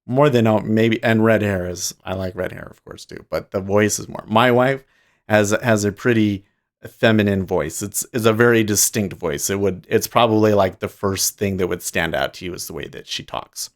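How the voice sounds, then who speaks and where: A man with a fairly low voice hosts a livestream, talking casually. He rambles, restarts his sentences and laughs easily as he goes. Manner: rambling, self-interrupting, quick to laugh. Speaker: livestream host.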